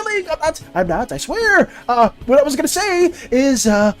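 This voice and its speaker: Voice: high voice, big pitch swings, moderate pace, hardly any pauses, faint music behind. An art streamer in casual live-stream chat, reading viewers' messages aloud and answering them.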